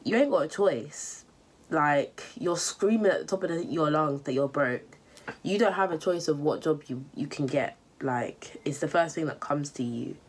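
A woman's voice: low-pitched, expressive, moderate pace, husky. A young woman, bluntly scolding viewers with money advice in a vlog. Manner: blunt, scolding, repetitive, slangy. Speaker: vlogger.

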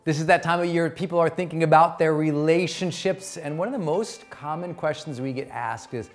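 A man's voice: on the high side, fairly quick, music in the background. A middle-aged man giving an emphatic motivational talk as a personal growth coach, repeating his key points.

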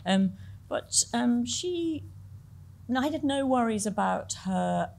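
A woman's voice: fairly high pitch, animated, slow, vocal fry, a little mellow. A middle-aged woman, a film director as interview guest, talking in a chatty, self-deprecating way and laughing often. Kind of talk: conversational Q&A interview.

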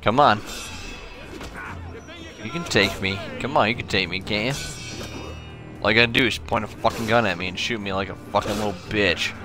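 A man's voice: on the low side, moderate pace, pauses often, over music. Drunk man cursing at a game. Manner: swearing, frustrated, muttering to the game. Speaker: gamer streamer. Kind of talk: angry drunk gameplay commentary.

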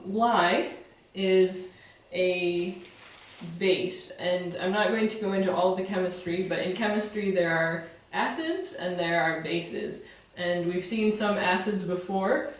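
A woman's voice: mid-range voice, recorded from a distance. A woman giving a casual home demonstration, explaining each step in a friendly, plain way with some fillers and restarts. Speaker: soap-making instructor. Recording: very echoey room, voice from away from the mic.

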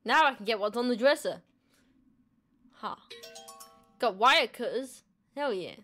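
A woman's voice: fairly high pitch, lively intonation, unhurried, fairly bright tone, faint music behind. Joking young woman gamer. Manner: joking, self-mocking. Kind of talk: let's play commentary.

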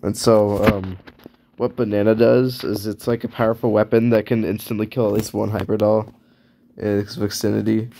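A man narrates casually as he draws, rambling and correcting himself in an offhand way. His voice is low and gravelly, with a dark, mellow tone. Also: flat delivery, normal speed, slight background noise. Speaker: video creator. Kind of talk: casual narration while drawing.

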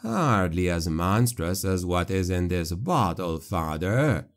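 Man doing a low, mocking necromancer. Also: very animated, slow pace, full character voice. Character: Tylean male necromancer, scheming, condescending.

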